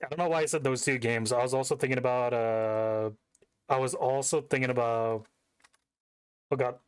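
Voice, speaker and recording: A man's voice: mid-range voice, fairly even intonation, normal speed, clean tone, no room sound. A young man chatting casually as a game streamer, rambling, cursing and interrupting himself. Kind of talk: casual chat while streaming. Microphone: desk mic.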